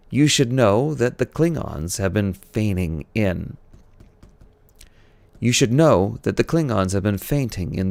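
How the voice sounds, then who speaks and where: A man's voice: on the low side, a little mellow, no room sound. A man voicing a firm Captain Kirk. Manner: firm, raised, commanding delivery. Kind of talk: audiobook character reading.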